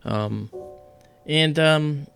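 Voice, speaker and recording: Gravelly-voiced man explaining astronomy. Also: a little high, extremely slow, a bit bright, faint music behind. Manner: rambling, many fillers and restarts. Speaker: astronomy livestream host. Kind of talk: casual live explanation.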